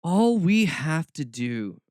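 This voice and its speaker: A man putting on a slow, sing-song Southern accent to mock a doom-preaching woman prophet. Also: on the high side, very animated, darkish tone, no room sound, studio quality. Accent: Southern US (put on).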